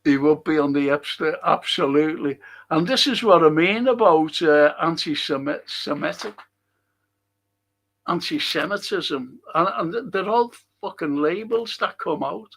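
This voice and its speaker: Middle-aged Liverpool man, high gravelly voice, chatty and opinionated stream host reading out viewer comments. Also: unhurried, a bit bright. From England. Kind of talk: casual live-stream chat.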